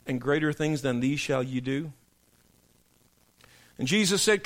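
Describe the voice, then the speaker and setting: A man preaching a sermon, telling joke stories in a folksy way, then building into loud emphatic preaching. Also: fairly high pitch, measured pace, pauses often. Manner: folksy storyteller, swings from soft asides to loud emphatic preaching.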